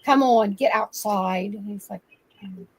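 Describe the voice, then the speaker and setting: An older woman, a grandmother, telling lively farm stories in casual chat and laughing often. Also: mid-range voice, unhurried, slightly rough, poor audio. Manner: animated storyteller, laughs often. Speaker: guest.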